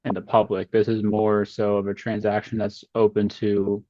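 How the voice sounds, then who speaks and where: A man's voice: lowish voice, monotone, moderate pace, warm tone, no echo. Hesitant man on a dull call line. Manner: hesitant, searching for words. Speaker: student. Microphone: video call.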